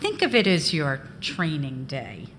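A woman voicing a man who runs a circus hot dog counter, talking briskly and loudly. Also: deep voice, big pitch swings, slight background noise, full character voice. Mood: offhand.

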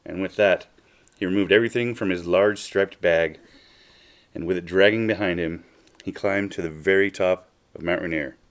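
A man reading a children's storybook aloud, unhurried and expressive, stretching out his phrases. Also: low-pitched, smooth.

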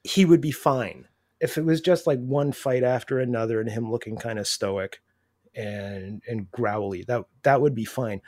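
Measured analytical man reviewing films. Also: medium pitch, a little mellow. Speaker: podcast co-host. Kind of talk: casual movie review chat.

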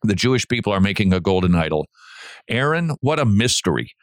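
A middle-aged man hosting a Christian radio talk show, preaching in an animated way with asides and restarts. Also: lowish voice, a little fast, no room sound, clean studio sound. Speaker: radio host.

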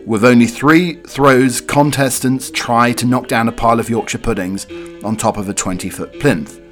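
A man's voice: medium pitch, moderate pace, a bit bright, soft background music. A man with a cold hosting a podcast, reading odd news stories and drifting into rambling asides full of fillers. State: has a cold. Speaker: podcast host.

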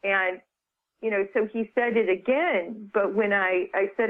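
A woman's voice: medium pitch, unhurried. Chatty woman on a phone line. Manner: chatty, lively retelling with many "you know"s. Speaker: author and guest. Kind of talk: casual storytelling interview.

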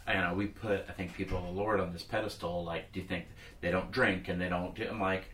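A man's voice: sits low, steady tone, quick pace, fairly bright tone, a little hiss or hum. A man guest on a podcast telling a rambling story in casual chat. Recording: echoey room, off-mic.

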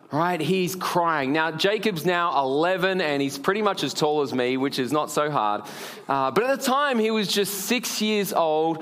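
High-voiced Australian-raised pastor preaching. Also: male voice, a bit bright. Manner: storytelling, frequent "uh" fillers, asks the audience. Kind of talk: sermon with personal story.

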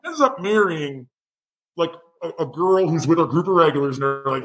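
A man's voice: fairly high pitch, expressive, moderate pace, fairly bright tone, rough recording. A man who works as a bartender telling a heated, profane story in a casual chat.

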